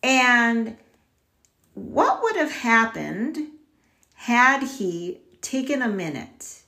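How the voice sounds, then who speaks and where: A woman's voice: mid-range voice, vocal fry. A woman podcast host retelling a story in a casual, chatty way and talking straight to her listeners. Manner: chatty, animated, addresses listeners directly.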